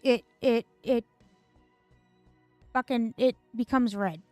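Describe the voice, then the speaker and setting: A woman's voice: on the high side, slow, darkish tone, no room sound, faint music behind. A woman streamer ranting in casual commentary, exasperated and sarcastic, swearing and piling up fillers.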